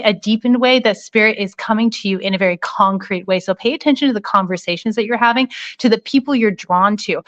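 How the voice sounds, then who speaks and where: A woman's voice: mid-range voice, highs cut off. A middle-aged woman giving a live tarot reading over her phone, chatty and affectionate, with many fillers. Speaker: spiritual reader.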